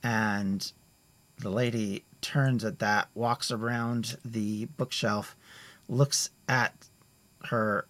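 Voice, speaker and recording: A man narrating a tabletop game as game master, rambling and halting as he searches for words. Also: fairly low pitch, level tone, a bit bright. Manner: rambling, halting, many fillers and restarts.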